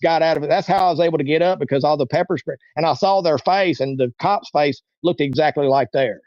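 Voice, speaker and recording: A man's voice: a little high, fast, a little mellow, no echo, dull audio. A man in his forties, a guest telling a long story in a casual, rambling way and now and then acting out the voices of people in it. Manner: rambling, acts out quoted voices. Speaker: interview guest.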